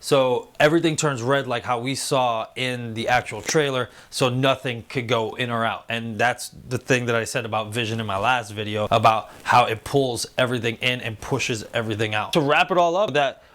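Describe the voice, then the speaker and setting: A man hosting a casual spoiler review show, excitedly retelling scenes and acting out the characters' lines. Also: mid-range voice, normal speed, hardly any pauses. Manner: excitable, animated retelling with quoted voices. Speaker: show host reviewing a TV series.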